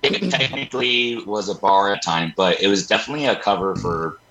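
Casting: male band guest, low and forceful voice, blunt, sardonic delivery. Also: a little fast, slight background noise, poor audio. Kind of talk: casual chat.

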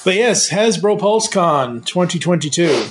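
A man's voice: sits high, lively intonation, normal speed, a little hiss or hum. Rambling, chatty man co-hosting a podcast. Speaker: podcast co-host. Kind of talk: casual podcast chat.

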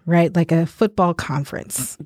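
A man's voice: fairly high pitch, unhurried, a little mellow, no room sound, studio quality. A podcast co-host in casual chat, teasing and joking with his partner.

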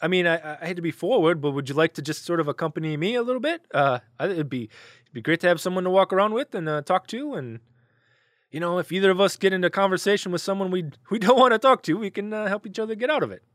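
Man plays chatty male celebrity trainer; flustered, self-interrupting, slightly high register, dry sound. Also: expressive, fast talker, a bit bright, no echo. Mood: hopeful. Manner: rambling, apologetic, self-interrupting.

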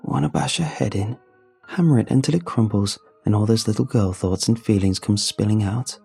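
A man's voice: fairly low pitch, normal speed, creaky, dark tone, breathy edge, faint music behind, exaggerated voice. A man voicing a young boy possessed by a demon, with a hissing, mocking, sing-song manner. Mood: gloating menace.

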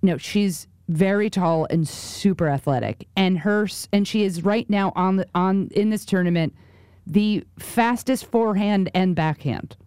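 Woman co-host, chatty and animated storyteller, dry close sound. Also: medium pitch, clear, resonant tone, no room sound. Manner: animated storyteller, quick asides, repeats words. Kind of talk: casual chat.

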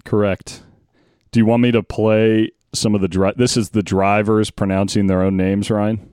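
Low, dry-voiced man chatting easily. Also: little pitch movement, normal speed, a little mellow, clear, resonant tone, dry recording. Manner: laughs often, chuckly and easygoing. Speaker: podcast co-host. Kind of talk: casual chat.

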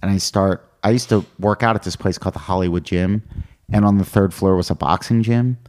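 A middle-aged male comedian telling animated stories in casual chat, acting out what people said. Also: low voice, fairly quick. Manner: animated anecdotes with quoted voices. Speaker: comedian guest.

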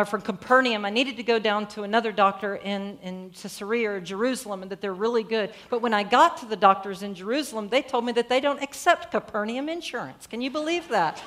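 A woman's voice: on the high side, fairly bright tone, close to an everyday voice. A woman doing a gabby, fed-up patient woman. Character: chatty woman griping about years of doctors.

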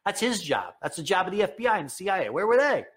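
A man giving an opinionated political rant, heated and sarcastic, with sudden high, emphatic outbursts. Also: sing-song, quick pace, a bit bright, breathy edge. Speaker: political commentator.

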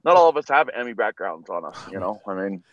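A man's voice: fairly low pitch, big pitch swings, fast talker, fairly bright tone, highs cut off. Laid-back man laughing through podcast banter. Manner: laid-back, laughs often, says bro a lot. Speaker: podcast co-host. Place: inside a car. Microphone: video call.

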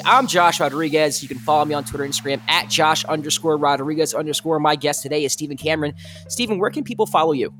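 A man's voice: fairly high pitch, fast, pushed and bright, faint music behind. A man hosting a sports podcast, ranting in casual chat as an exasperated fan. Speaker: podcast host.

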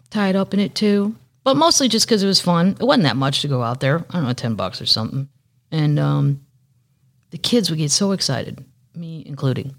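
A woman hosting a solo podcast, chatting casually and rambling, swearing freely and dropping into whispers. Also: deep voice. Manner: chatty, profane, rambling, with sudden soft whispered asides. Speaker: podcast host.

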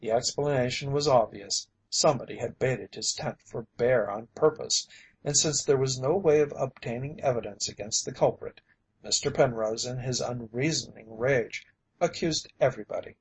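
A man reading a story aloud as an audiobook narrator, in a steady, even manner. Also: mid-range voice, normal speed, breathy edge, rough recording. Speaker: audiobook reader.

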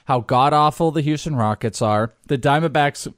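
A man's voice: on the high side, moderate pace, no room sound, studio quality. A man co-hosting a casual sports podcast, teasing his friend, laughing a lot and swearing freely. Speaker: podcast co-host.

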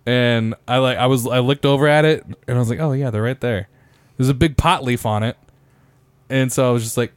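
On a casual podcast, a young man with a medium-pitched, smooth voice talks fast, swearing, joking crudely, and laughing through his stories. He is close to the mic, and the sound is dry with little room sound.

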